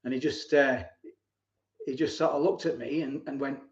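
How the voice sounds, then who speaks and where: A man's voice: medium pitch, fairly even intonation, moderate pace. A man in his forties hosting a live stream. He tells stories in a rambling way, repeats words and often chuckles. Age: 40s. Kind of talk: casual live-stream chat and storytelling. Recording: roomy, dull lo-fi home stream.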